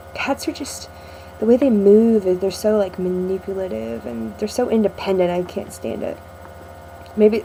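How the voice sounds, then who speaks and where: Young woman vlogging at home, mid-pitched, rambling and sarcastic, faint hum behind her. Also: gravelly, a little mellow, rough recording. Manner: chatty, rambling, sarcastic, many ums. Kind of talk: casual video diary to a friend.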